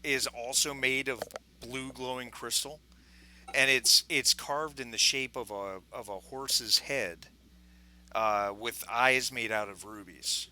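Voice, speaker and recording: A man runs a tabletop game as game master, describing scenes in a loose, chatty way full of fillers and restarts. His voice is very bright at a middle pitch. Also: steady tone, slow. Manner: chatty, frequent fillers and restarts, laughs often.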